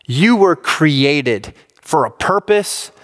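A man in his thirties preaching a youth sermon, telling a personal story with lively quoted outbursts and direct appeals to his listeners. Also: on the high side, takes it slowly. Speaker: youth pastor.

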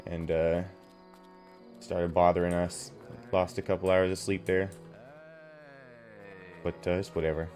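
A man's voice: low-pitched, little pitch movement, measured pace, long pauses, darkish tone. A man streaming a video game, talking in a rambling, profane way full of fillers as he plays. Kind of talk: casual gameplay commentary. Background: faint game music.

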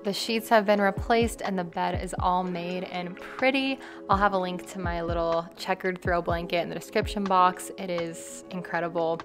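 A young woman chatting casually to her viewers at home as a lifestyle vlogger, relaxed and full of "like" fillers. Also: on the low side, moderate pace, few pauses, music in the background. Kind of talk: casual chat. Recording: steady background noise.

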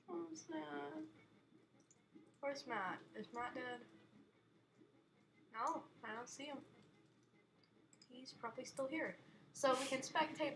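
Slow, bright-voiced woman gamer. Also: high-pitched, slight background noise. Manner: chatty, giggly, playfully dramatic. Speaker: gaming video host. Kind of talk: casual let's-play commentary. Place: her bedroom.

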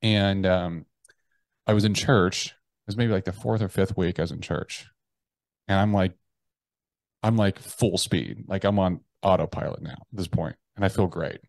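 A man's voice: deep voice, fairly even intonation, normal speed, dry recording. A man in his thirties, a podcast guest telling his story candidly, blunt and profane, often restarting his sentences.

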